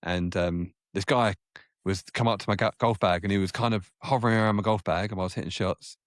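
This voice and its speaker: A man in his forties chats as a podcast guest, spinning loose golf anecdotes with plenty of false starts. His voice sits fairly low, and the sound is dry and close with little room around it. He breaks into a higher voice when he quotes others. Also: steady tone, brisk, no room sound. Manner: rambling, self-correcting, acts out quoted people in a raised voice. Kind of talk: casual anecdotal storytelling.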